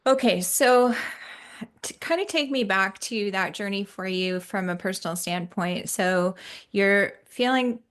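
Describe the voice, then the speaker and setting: A woman hosting a podcast, asking questions in a relaxed, hesitant way with many fillers. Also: mid-range voice, a little slow. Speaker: podcast host. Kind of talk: casual interview.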